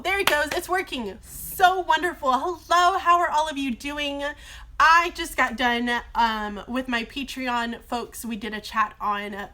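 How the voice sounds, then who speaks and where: A woman teacher chatting casually on a live phone stream from a car shop, her voice slightly hoarse from long talking. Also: on the high side, sharp tone. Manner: chatty and bubbly, many fillers. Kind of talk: casual livestream chat. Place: brother-in-law's car shop, indoors.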